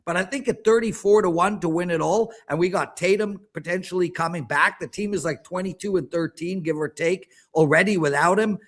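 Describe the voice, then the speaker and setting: High-voiced ranting man in his fifties. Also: fairly quick, few pauses. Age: 50s. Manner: animated, ranting, exaggerated complaints. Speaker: sports betting handicapper guest. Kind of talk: casual sports betting chat.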